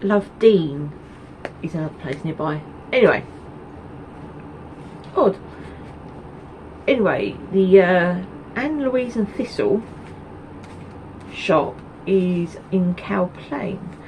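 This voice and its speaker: A woman's voice: lowish voice, animated, slow pace, long pauses, darkish tone, a little hiss or hum, rough recording. Chatty woman rambling to camera. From Essex, England. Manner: rambling, chatty, with many ums and asides. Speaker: knitting podcast host. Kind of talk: casual chat to camera.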